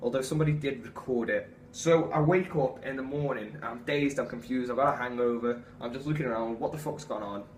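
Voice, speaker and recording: A man's voice: medium pitch, fairly quick, a little hiss or hum. Young man telling a story in an echoey room. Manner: animated, profane, self-mocking. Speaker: vlogger. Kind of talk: comic storytelling monologue. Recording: echoey room, far from mic, faint ambience.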